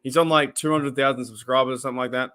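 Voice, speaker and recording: Rapid-fire and medium-pitched, this Australian man reacts to a football game on a casual live stream. Between rambling asides he launches into excitable play-by-play calls.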